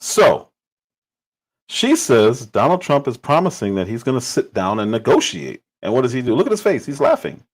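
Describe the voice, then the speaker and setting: An animated man giving political commentary. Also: mid-range voice, normal speed, breathy edge, low-quality recording. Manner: emphatic, repeats phrases for stress. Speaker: livestream commentator.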